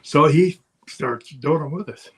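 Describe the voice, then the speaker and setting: A man's voice: on the high side, unhurried, a bit bright, husky. An older man, a former wrestler, telling rambling anecdotes in casual podcast chat, often chuckling. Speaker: guest storyteller, former wrestler.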